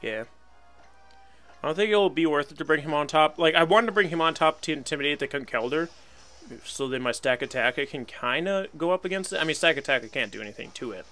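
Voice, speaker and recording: A man's voice: on the high side, fast talker, bright, forceful tone, soft background music. A young man giving casual live commentary on a video game battle, wry and resigned, laughing at himself now and then. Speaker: gaming channel host.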